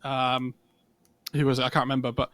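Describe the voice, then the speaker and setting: A man's voice: medium pitch, monotone, fairly quick, a bit bright, no room sound. A man casting an esports match live, chatting casually and rambling with lots of fillers. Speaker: esports caster. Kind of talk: casual live commentary chat.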